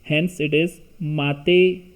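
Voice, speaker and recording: A man teaching French pronunciation, reading words and their meanings one at a time with long pauses. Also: fairly high pitch, fairly even intonation, clean tone. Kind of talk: slow pronunciation lesson.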